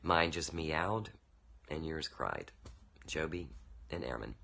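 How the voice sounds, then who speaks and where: A man's voice: a bass voice, lively intonation, slow, vocal fry, sharp tone. A man recording a casual birthday video message for a friend, telling rambling anecdotes with lots of fillers into a webcam.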